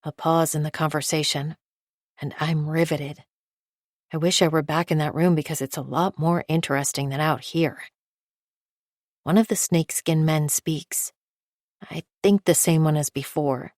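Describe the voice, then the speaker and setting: A woman narrating a thriller audiobook in the first person with a steady, measured reading. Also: sits low, dry recording, clean studio sound.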